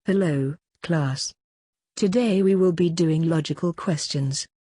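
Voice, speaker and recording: A woman voicing an old bald male math teacher, cheerful yet strict, in a low, husky voice for an amateur audiobook. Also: measured pace, dark tone, no echo, clean studio sound.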